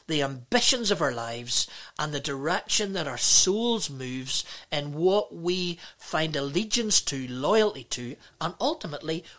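A woman's voice: low-pitched, pushed and bright. A woman pastor preaching a sermon, emphatic and exclamatory, with many rhetorical questions.

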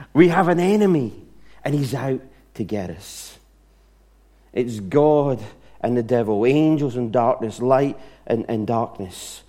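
A man preacher delivering a sermon in an animated storytelling manner, with frequent restarts. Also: mid-range voice, measured pace.

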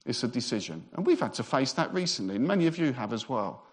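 A man preaching a Christmas sermon as pastor, emphatic and repetitive, with relaxed humorous asides. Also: medium pitch, fast. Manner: emphatic, repeats phrases for effect; conversational asides with light humour.

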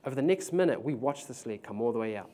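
A young man, preaching a testimony sermon. He tells the story in a slangy, animated way and laughs often. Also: mid-range voice, quick pace.

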